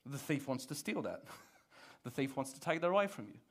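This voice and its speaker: A pastor, preaching a sermon to his church in an animated, conversational way. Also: medium pitch, a little fast. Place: church service.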